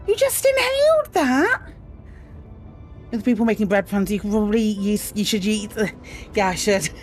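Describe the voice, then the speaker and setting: A woman game streamer chatting casually and playfully while she plays, often breaking into giggles. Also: mid-range voice. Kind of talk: casual live-stream chat.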